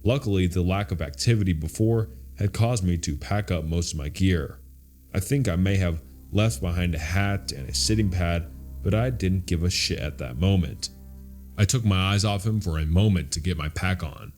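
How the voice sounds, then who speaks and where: A man with a very low, deep voice narrates horror stories in a steady, measured read. A faint bed of music sits beneath his words. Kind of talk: scripted horror story narration.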